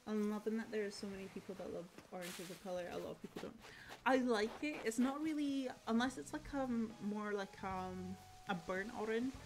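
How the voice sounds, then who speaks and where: A young Scottish woman streaming a cozy game, gushing and excitable, often trailing off into fillers. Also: medium pitch, brisk, noisy background. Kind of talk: casual gaming livestream chat. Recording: game music playing underneath.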